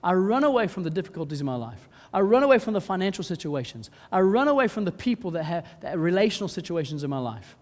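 Man, pastor, sermon, high lively voice, dramatic, acts out pleas, long hall reverb. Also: fast, few pauses. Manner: dramatic, acts out pleading voices, swings from hushed to loud.

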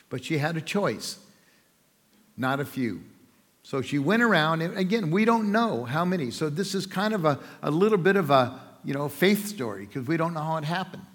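A man preaching a sermon in a church, telling a story with lively asides, joking and voicing the people in it. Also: fairly high pitch. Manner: lively storytelling with playful asides and voiced characters. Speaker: pastor. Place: church sanctuary. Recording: long hall reverb.

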